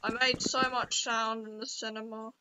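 A woman giving casual game commentary, excitable and yelping when startled. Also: on the high side, normal speed, heavy background noise. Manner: excitable, yelps and shouts at surprises. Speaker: gameplay commentator.

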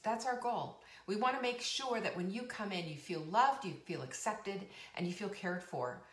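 A woman's voice: mid-range voice, moderate pace, fairly bright tone. A woman in her fifties hosting a live show, chatting in a bubbly, rambling way with frequent laughs and emphatic repeats. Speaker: host of a live cooking and wellness show. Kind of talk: casual live-stream chat. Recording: roomy echo.

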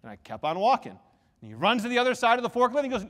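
Male pastor, bright high voice that moves a lot, animated storytelling sermon, long church reverb. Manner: animated storytelling, quick shifts between soft and loud. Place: church sanctuary.

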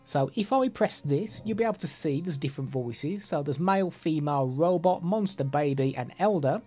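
Man, live-stream gadget demo, mellow tone, chatty, self-deprecating, studio mic. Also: a little high, lively intonation, normal speed, faint music behind. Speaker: streamer reviewing products. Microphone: studio microphone.

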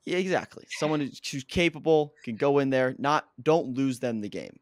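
Hoarse male co-host, an excitable sports fan, with a dry, close sound. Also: medium pitch, moderate pace, dry recording. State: hoarse, lost his voice. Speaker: podcast co-host; coach. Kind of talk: casual sports chat.

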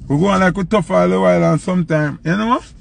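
A young man with a Jamaican accent, a selector telling a loose, animated story in patois and acting out the quotes. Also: high-pitched, fast talker, creaky. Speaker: dancehall selector. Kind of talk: casual storytelling.

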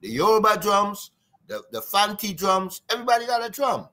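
Animated Trinidadian man, bright voice. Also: high-pitched, moderate pace. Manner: lively, sing-song, imitates drum sounds. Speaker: guest drummer. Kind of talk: animated storytelling interview.

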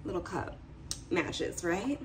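A young woman talking casually to camera in her home as a vlogger, chatty and animated. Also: on the low side, slow, recorded from a distance, very noisy. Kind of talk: casual vlog chat to camera.

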